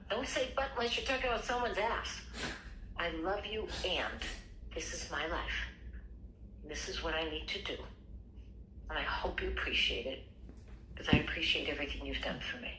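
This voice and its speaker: An older woman counseling someone on a call, calm and affirming as she reassures him. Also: fairly low pitch. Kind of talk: supportive counseling talk. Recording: echoey, distant, faint noise.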